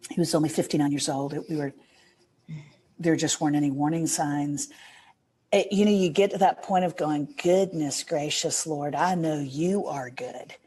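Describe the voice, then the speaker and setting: A woman with a low, husky voice tells a heartfelt story as a podcast guest. She speaks in an earnest, gushing way, and she is middle-aged. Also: warm tone. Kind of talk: storytelling in a casual interview.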